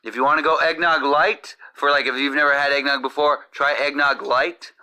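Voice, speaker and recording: A man's voice: on the high side, level tone, normal speed, pushed and bright. A man hosting a comedy podcast from his home kitchen, rambling through profane jokes. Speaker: podcast host. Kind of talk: crude comedic monologue. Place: home kitchen with cooking going on.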